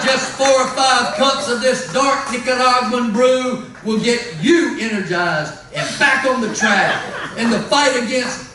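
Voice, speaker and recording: A man putting on a booming mock-infomercial announcer voice, pushing a product with a rousing sales pitch, in an echoey live venue heard from a distant mic. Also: noisy background.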